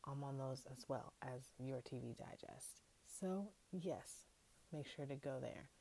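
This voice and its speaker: Low mellow lady rambling about last night's episode, laughs a lot, goes whispery sometimes. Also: measured pace, gravelly, a little hiss or hum. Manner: chatty, slangy, laughs often, drops to whispers. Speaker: podcast host. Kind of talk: casual solo TV recap.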